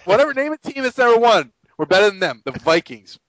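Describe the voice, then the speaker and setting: A man's voice: sits high, big pitch swings, quick pace, fairly bright tone, no echo, low-quality recording. A man co-hosting a sports podcast, ranting in an exasperated, sarcastic way and mocking people in quoted voices. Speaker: podcast co-host. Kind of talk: casual sports podcast rant.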